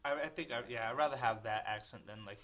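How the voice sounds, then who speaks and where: A man's voice: medium pitch, fast, a bit bright, dull audio. A young man with a Boston accent, chatting on a podcast, laughing a lot and restarting his sentences. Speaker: podcast co-host. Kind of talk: casual chat.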